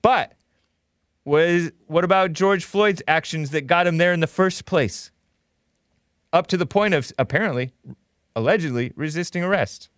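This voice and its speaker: Male call-in host, sarcastic and animated, slightly higher voice, dry close sound with faint music under it. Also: no room sound. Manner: sarcastic, animated, laughs often. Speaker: talk show host. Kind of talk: reading live chat and taking calls.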